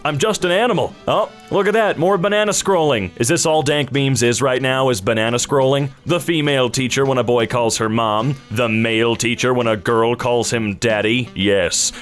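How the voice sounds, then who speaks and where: A man's voice: mid-range voice, moderate pace, hardly any pauses, faint music behind. A young man giving sarcastic, jokey commentary while reviewing memes. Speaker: meme review YouTuber. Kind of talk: comedic meme commentary.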